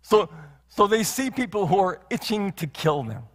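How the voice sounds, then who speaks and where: A man's voice: high voice, expressive, normal speed. A male pastor preaching a sermon in a church, earnest, with many rhetorical questions and repeated phrases. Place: church sanctuary. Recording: long hall reverb.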